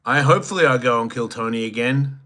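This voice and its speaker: A man's voice: mid-range voice, quick pace, a bit bright. A man in his fifties with an Australian accent, hosting a casual livestream and joking crudely while reading viewer comments aloud. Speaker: host reading live chat.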